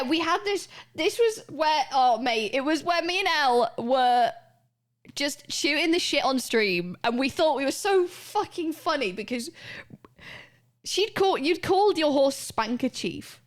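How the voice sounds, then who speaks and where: Woman streamer in her twenties, loose sweary rambling chat, higher-pitched. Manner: rambling, sweary, trails off mid-sentence. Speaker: livestreamer.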